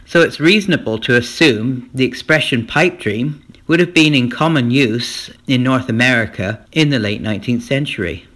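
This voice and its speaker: A man's voice: medium pitch, moderate pace, few pauses, fairly bright tone. A man hosting a comic podcast, telling jokes and chuckling at his own punchlines. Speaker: podcast host.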